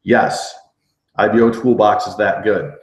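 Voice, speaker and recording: A middle-aged network marketing trainer leads a live sales session with energy, repeating points and tossing in rallying "okay?" asides. His voice is on the low side and a little slow, and the room gives it a noticeable echo.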